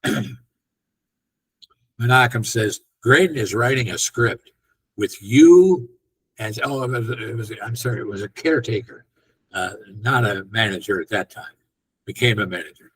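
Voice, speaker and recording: A man's voice: fairly low pitch, unhurried, pauses often, husky, poor audio. An older man and film director, a guest on an interview, casually telling a long anecdote and acting out the lines of the people in it. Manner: animated storyteller who acts out quoted dialogue.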